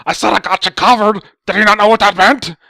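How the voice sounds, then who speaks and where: A shrill, whiny spoiled grown man, as a storyteller puts him on, sputtering in indignant outrage. The voice jumps far above the teller's own and is loud and strained. It is recorded dry and close, with no room sound. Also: fairly even intonation, quick pace, creaky, dry recording, exaggerated voice.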